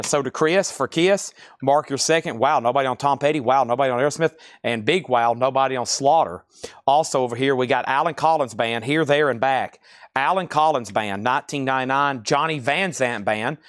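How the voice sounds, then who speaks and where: A man hosting a live-stream record sale, calling out titles, bids and prices in a steady stream. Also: mid-range voice, smooth, no room sound, studio quality. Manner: rapid-fire listing of items and prices. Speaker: live auction seller.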